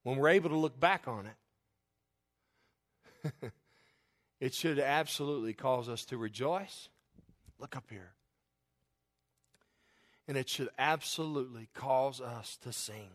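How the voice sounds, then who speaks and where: A pastor preaching a fervent sermon, swinging between soft asides and loud, rising declarations, chuckling now and then. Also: male voice, medium pitch, unhurried, pauses often.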